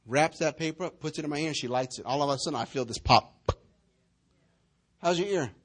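A man preaching a sermon, telling stories with big swings between shouting and hushed asides. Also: fairly high pitch, brisk. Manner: animated storytelling, swinging between shouts and near-whispers. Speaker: pastor.

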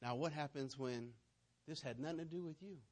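A fairly high-pitched male voice with a darkish tone moves a little fast through a sermon. The pastor tells stories, voices the characters and scenes himself, and puts questions to those listening.

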